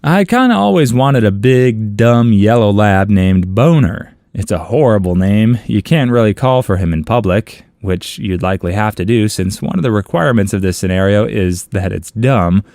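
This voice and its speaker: A man's voice: normal speed, few pauses, dry recording, studio quality. A man narrating online comments aloud for a story channel, in a playful, amused reading. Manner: playful, amused reading with lively pitch swings.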